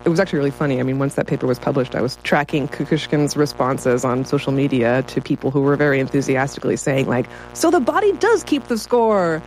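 A woman's voice: rumbling low, level tone, quick pace, hardly any pauses, darkish tone, a little hiss or hum, poor audio. A woman writer talking as a guest in a casual interview, enthusiastic and often breaking into laughter.

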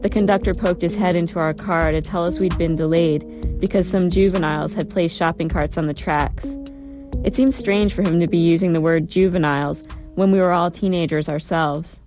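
A woman calmly narrating a first-person story with a reflective tone. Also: low voice, moderate pace, dry recording, soft background music. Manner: calm, reflective.

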